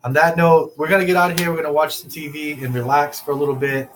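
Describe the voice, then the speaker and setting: A young man with a slightly raised pitch hosts a casual talk show from home. He rambles loosely and laughs often as he wraps up, easygoing and unscripted. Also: flat delivery, fast, fairly bright tone, a little hiss or hum. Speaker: podcast host. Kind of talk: casual chat.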